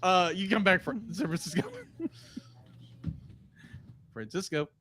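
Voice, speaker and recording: A man's voice: high voice, measured pace, sharp tone, slight background noise. A man co-hosting a podcast in casual chat, laughing easily and restarting sentences as he goes. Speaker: podcast co-host.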